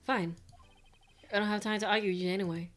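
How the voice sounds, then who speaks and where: A woman's voice: medium pitch, steady tone, fast talker, fairly bright tone, soft background music, close to an everyday voice. A woman voicing an earnest young male defense attorney in a video game, questioning and a bit exasperated. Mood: puzzled. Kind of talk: reading game dialogue aloud.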